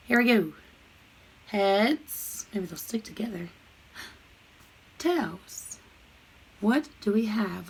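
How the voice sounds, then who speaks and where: A woman's voice: a little high, a bit bright. A woman teaching an online math lesson to young children, cheerful and sing-song, breaking into short rhymes.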